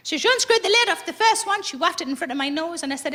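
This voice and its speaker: A woman, doing live stand-up comedy in a chatty, blunt, swearing way with deadpan punchlines. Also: very high voice, fast, few pauses. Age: 40s. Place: large live comedy venue. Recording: echoey live room with loud audience laughter. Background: audience laughing and cheering.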